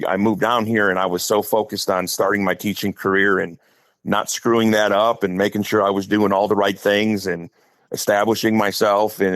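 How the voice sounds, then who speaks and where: A middle-aged man from Wisconsin with a low, gravelly voice, talking on a podcast as a guest coach. He tells long, chatty stories and slips into voices for the people in them. The sound is close and dry. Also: dry recording. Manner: talkative, acts out quotes in stories. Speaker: high school head football coach, podcast guest. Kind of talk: casual storytelling.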